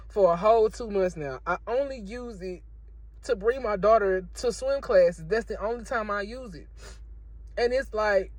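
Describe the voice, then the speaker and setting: A woman shares her faith testimony in a casual vlog. She talks emotionally and keeps repeating herself, preaching to her viewers, at a middle pitch. Her voice sounds dry and close, recorded in her car. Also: no room sound. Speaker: vlogger sharing a faith testimony.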